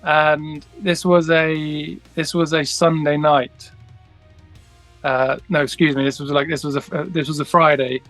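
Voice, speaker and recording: A man's voice: on the high side, little pitch movement, unhurried, a bit bright, no echo, soft background music. A man, a guest musician, telling a long story in a casual interview, rambling with many restarts and acting out the dialogue.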